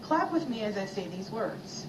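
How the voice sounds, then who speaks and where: A woman's voice: mid-range voice, normal speed, reverberant. Woman narrating a kids learning video, bouncy voice, played back in a room from far off, noisy. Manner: clear and animated, guiding listeners to join in. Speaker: narrator of a children's educational video.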